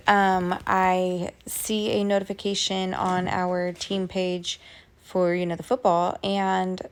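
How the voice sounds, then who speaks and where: A woman in her thirties talks through a long story while her nail art plays on screen. Her voice has a gravelly fry, and she rambles in a casual way, stacking up fillers as she goes. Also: medium pitch. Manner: chatty, lots of "like" and "you know". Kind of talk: storytime voice-over while doing nails.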